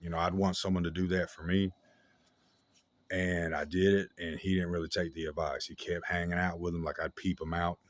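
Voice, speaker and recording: A man with a very deep voice talks straight into a dry, close microphone. His story comes out casual and slangy, full of restarts and fillers. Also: level tone, a little fast, no echo.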